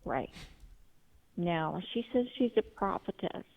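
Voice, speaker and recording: A woman's voice: lowish voice, lively intonation, takes it slowly, creaky, narrow, tinny audio. A woman calling in to a talk show, telling things in an earnest, rambling way. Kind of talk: call-in talk.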